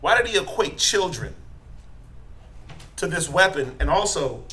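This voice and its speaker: A middle-aged man teaching a Bible class, quizzing his students and tagging his points with "right?", building to forceful emphasis. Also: a little high, big pitch swings, a little slow. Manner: asks the class questions, tags lines with "right?".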